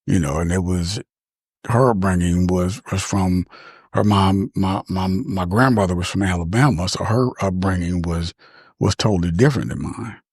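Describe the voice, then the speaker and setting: Low husky man, slow and reflective. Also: a little mellow, no echo, clean studio sound. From Michigan, USA. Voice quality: halting, reflective, slow to find words. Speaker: podcast speaker. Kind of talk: reflective personal monologue.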